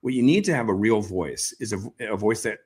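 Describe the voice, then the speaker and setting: A man's voice: fairly low pitch, expressive, a little fast, a little mellow, slightly rough. A man interviewing an author, speaking in a thoughtful, rambling way with many fillers. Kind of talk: casual conversational interview.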